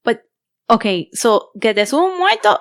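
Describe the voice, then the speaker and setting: A woman co-hosting a podcast, telling a story in casual chat, animated and mixing Spanish phrases into her English. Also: a little high, moderate pace. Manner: animated, code-switching into Spanish, laughing while telling a story. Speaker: podcast co-host.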